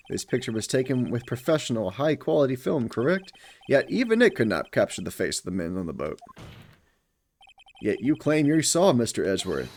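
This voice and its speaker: A man voicing an earnest young defense lawyer who presses his questions. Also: medium pitch.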